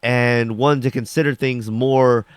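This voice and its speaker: A young man with a clear, resonant mid-range voice reviews a TV episode at a measured pace with fairly even intonation, in studio-quality audio with no room sound. His recap is casual and rambling, full of fillers like "like," and he acts out the characters' lines.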